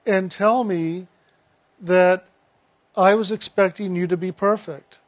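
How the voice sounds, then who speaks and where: A man's voice: high voice, steady tone, slow, dry recording. A man voicing his former boss, a demanding business owner who is proud and frustrated, speaking in blunt, exasperated questions.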